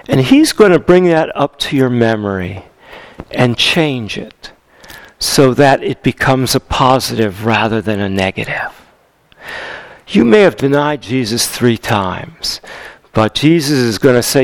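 Man pastor, sermon delivery, lively and slightly high, dry close sound. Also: slow, no echo, low-quality recording. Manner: animated, conversational preaching with fillers and repetition.

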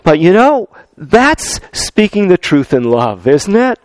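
A man preaching a sermon in a church, unhurried and talking straight to his congregation, repeating key phrases for emphasis. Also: sits high, big pitch swings, no echo. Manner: addresses congregation directly.

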